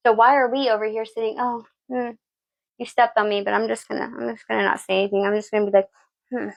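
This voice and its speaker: A woman's voice: a little high, flat delivery, quick pace, vocal fry. A woman giving a tarot reading, blunt and preachy, swearing freely and asking "okay?" again and again. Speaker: tarot reader. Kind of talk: live tarot reading talk.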